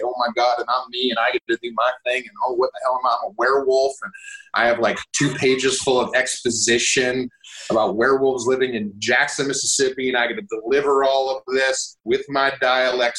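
A man's voice: mid-range voice, a bit bright, echoey room, rough recording. A man, an actor and guest, talking in a rambling, candid, self-deprecating way with casual swearing.

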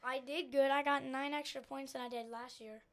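A woman's voice: sits high, steady tone, moderate pace. A young woman co-host in casual chat, giving short, offhand answers. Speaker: teenage co-host, the host's child.

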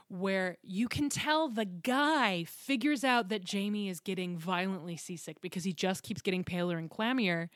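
A woman in casual podcast chat, retelling a story with lots of laughter and the odd swear word. Her voice sits at a middling pitch. It is recorded dry and close, with no room sound. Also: dry recording. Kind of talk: casual book recap chat.

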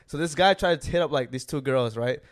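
Fast-talking man telling a rambling story. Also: mid-range voice. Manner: rambling storyteller, lots of filler. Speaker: podcast co-host. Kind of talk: casual chat.

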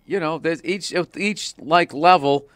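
Animated storytelling comedian from Boston. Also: male voice, on the high side, unhurried, no room sound. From Boston area. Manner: animated storyteller, swears freely, acts out voices. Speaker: stand-up comedian. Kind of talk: casual podcast chat.

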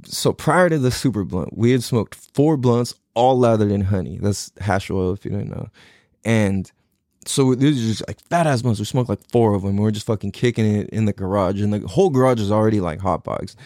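A man's voice: fairly low pitch, fairly quick, a little mellow, no echo, studio quality. A man in his thirties telling a long, rambling, profane story in a laid-back way, laughing often. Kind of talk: casual storytelling monologue.

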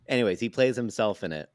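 Deep-voiced, laughing podcast storyteller man. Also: animated, moderate pace, smooth, no echo, studio quality. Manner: laughing storyteller, hesitant with fillers. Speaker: podcast co-host. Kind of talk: casual chat.

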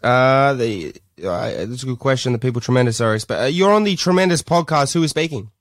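A man co-hosting a comedy podcast in an ordinary mid-pitched voice. He hesitates often and fills gaps with uhs while he plays along. The sound is close and dry. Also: animated, brisk, dry recording. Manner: hesitant, full of filler words, playing along. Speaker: podcast co-host.

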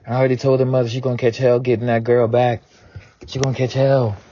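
A man's voice: medium pitch, level tone, fast, dark tone, no room sound. A man in his forties giving a conversational, earnest spoken prayer to his ancestors, repeating phrases for emphasis and speaking bluntly. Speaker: spiritual prayer leader. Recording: dull lo-fi recording.

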